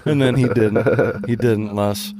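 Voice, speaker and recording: A man's voice: lowish voice, steady tone, takes it slowly, crowd noise. A man hosting a podcast in crude banter, laughing and egging his friends on. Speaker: podcast host. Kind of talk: casual banter.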